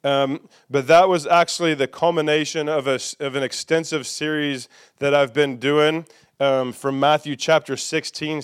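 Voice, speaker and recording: A man's voice: fairly high pitch, clear, resonant tone. A man preaching a sermon as pastor, conversational and playful, leading the congregation in call-and-response.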